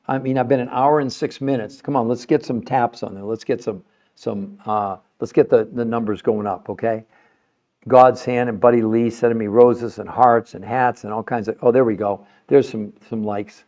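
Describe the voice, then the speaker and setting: A man with a mellow, medium-pitched voice hosts a live-streamed podcast, and the audio sounds dull. He gets passionate and emotional, speaking directly to his viewers and asking them questions.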